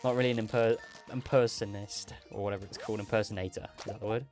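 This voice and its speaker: A man's voice: lowish voice, steady tone, fast talker, music in the background. A man hosting a gaming livestream, rambling casually, laughing often and correcting himself mid-sentence.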